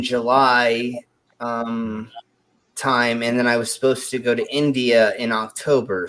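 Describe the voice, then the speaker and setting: A man's voice: medium pitch, fairly bright tone. Rambling young man hosting a chat show. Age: 20s. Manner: rambling, lots of fillers and restarts. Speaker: show host. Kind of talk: casual storytelling chat.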